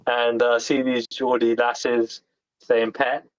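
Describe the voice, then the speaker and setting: An excitable man in casual chat who swears freely and laughs often. His speech is energetic and keeps gushing. The sound is dull and muffled, like a lo-fi mic. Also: medium pitch, takes it slowly. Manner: enthusiastic, sweary, laughs easily.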